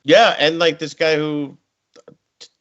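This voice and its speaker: A man's voice: a little high, steady tone, takes it slowly, fairly bright tone. Rambling man talking football. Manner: rambling, filler-heavy, joking. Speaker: podcast co-host. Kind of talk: casual football analysis. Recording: muffled lo-fi audio.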